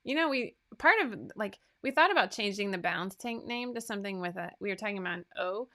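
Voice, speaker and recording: A woman's voice: medium pitch, lively intonation, fast, fairly bright tone. A woman hosting a sewing pattern livestream in a casual, chatty way, reading out winners with asides. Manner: chatty, asides and fillers between list items.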